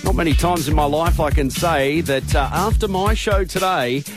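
Cheery Australian breakfast host, slightly high voice, talking over a steady music bed. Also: male voice, moderate pace. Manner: chirpy, folksy, repeats "I tell you what". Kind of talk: casual breakfast radio banter. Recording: radio show with music bed underneath.

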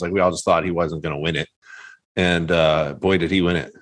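A man chatting casually on a sports podcast as a guest. He tells stories with animated energy, swearing freely and switching voices to act out what others said. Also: low-pitched, quick pace. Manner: animated storyteller, swears, acts out quoted voices.

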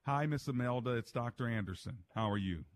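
A man's voice: mid-range voice, fairly quick, no echo. A man hosting a call-in radio talk show, folksy and affirming with his callers.

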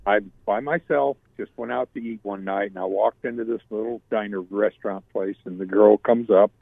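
A man from Iowa phones in to a talk show, telling his story in a folksy, easygoing way. His voice is gravelly and husky. It comes through a tinny, dry phone line. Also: on the low side, steady tone, normal speed, no room sound. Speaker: caller. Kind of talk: phone-in anecdote.

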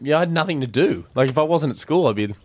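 A man with an Australian accent co-hosting a radio show in relaxed, laid-back banter. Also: fairly high pitch, fast. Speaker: radio co-host.

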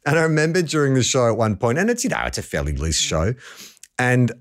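A man in easy conversation, recorded close and dry with no room sound. His voice sits at a middling pitch, and he tells rambling, self-deprecating stories as a podcast guest. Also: huge pitch swings, fast talker, no echo. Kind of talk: casual chat.

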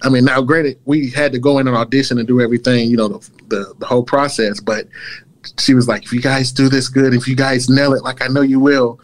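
A man chatting as a guest, playful and animated, often breaking into laughs. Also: mid-range voice, a little fast, low-quality recording. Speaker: guest, former pro dance team member. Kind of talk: casual chat.

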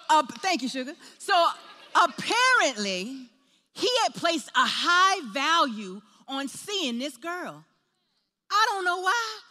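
A woman preaching a sermon, telling a personal story in an animated way and acting out the voices in her quotes. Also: sits high, in a large hall.

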